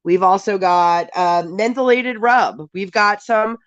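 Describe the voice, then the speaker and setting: A woman's voice: medium pitch, slow, dry recording, dull audio. A woman with a cold, sniffly, hosting a casual live stream from home and chatting and greeting viewers one by one.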